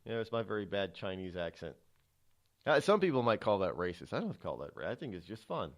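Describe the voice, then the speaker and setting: A man's voice: lowish voice, very animated, brisk. A middle-aged man hosting his own radio show, talking solo in a chatty, digressive way, often restarting and repeating words as he goes. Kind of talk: rambling solo talk-radio monologue.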